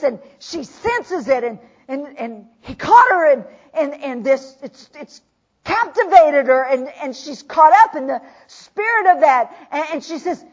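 A woman preaching a sermon, retelling scripture dramatically, swinging from loud proclamation to hushed whispers. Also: high-pitched, expressive, measured pace. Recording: dull lo-fi recording.

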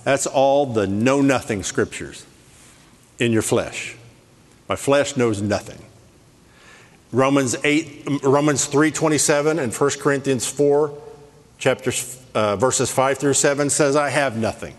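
A man preaching a sermon in a lively, playful way, rattling off scripture references. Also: medium pitch, normal speed. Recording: long hall reverb.

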